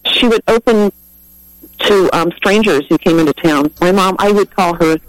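A middle-aged woman calling in to a radio show, telling a heartfelt story in a halting way with many ums. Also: on the low side, dry recording, rough recording. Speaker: caller. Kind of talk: call-in radio testimony.

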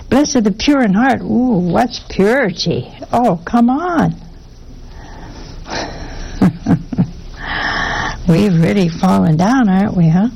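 Slow, gravelly woman preaching. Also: mid-range voice, warm tone, a little hiss or hum, poor audio. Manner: folksy, conversational, with many rhetorical questions. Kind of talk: sermon.

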